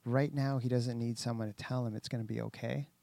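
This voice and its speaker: A man's voice: mid-range voice, fairly even intonation, fairly quick, creaky, dark tone, no room sound. A man chatting casually on a podcast, telling a rambling story with lots of fillers and restarts. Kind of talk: casual chat.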